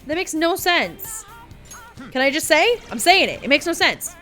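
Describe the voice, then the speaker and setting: A woman's voice: sits high, very animated, moderate pace, pushed and bright. A woman streaming a video game, chatting casually with sarcastic asides and swearing. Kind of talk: casual gameplay commentary. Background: game music.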